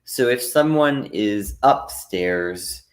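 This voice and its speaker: A man with a fairly low voice teaches live over a computer mic. He talks slowly and patiently, with lots of "uh" between phrases, as he explains phrasal verbs and answers questions from the chat. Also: lively intonation. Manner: reads out and answers chat comments. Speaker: online English teacher. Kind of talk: live online language lesson.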